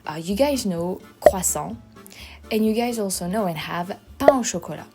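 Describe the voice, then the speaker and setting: Talking to camera as a YouTube host, a young adult woman from France speaks with a French accent in a casual, emphatic explainer style, often restarting. Her mid-range voice is warm and lively at normal speed, over faint music.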